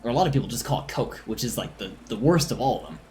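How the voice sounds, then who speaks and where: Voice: medium pitch, lively intonation, very fast, a little mellow, faint music behind. A streamer chatting casually with viewers during a live game stream, in a giggly, self-deprecating way, with a voice that is starting to tire. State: voice strained and tiring.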